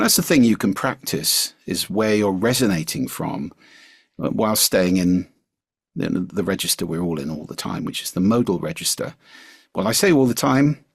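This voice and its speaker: Gravelly older man, husky and low. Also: dry recording, studio quality. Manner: measured, articulate, slips into demonstration voices. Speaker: guest speaker. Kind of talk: podcast interview, explaining speaking skills.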